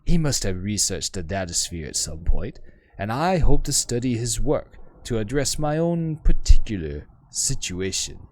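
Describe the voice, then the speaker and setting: Stately game scholar woman, voiced by a man, measured and formal, with a lively rising-falling melody. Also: lowish voice. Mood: measured, gracious. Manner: measured, formal, precise diction. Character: elegant formal woman scholar, serene hive mind.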